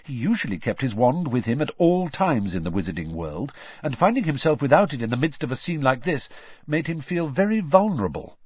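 Brief: male audiobook narrator, animated delivery, muffled lo-fi, no room echo. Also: mid-range voice, slightly rough. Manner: measured storytelling with lively swings. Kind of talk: scripted narration. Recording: dull dry lo-fi recording.

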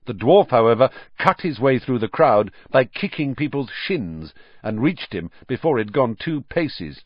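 A man narrating a children's fantasy audiobook in an expressive, animated reading. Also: mid-range voice, measured pace, dry recording, muffled recording. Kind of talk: scripted narration.

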